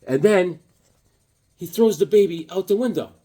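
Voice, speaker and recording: A man's voice: high-pitched, normal speed, dark tone. A man in his fifties talking casually about comic books, rambling and joking with lots of filler words. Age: 50s. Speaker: comic book vlogger. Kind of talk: casual comic review vlog.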